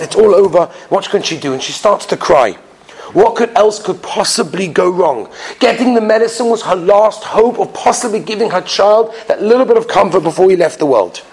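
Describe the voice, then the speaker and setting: Lively storytelling rabbi, a man. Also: high-pitched, gravelly. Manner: animated storyteller who acts out the people in his stories; repeats phrases and restarts for emphasis. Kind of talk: storytelling sermon.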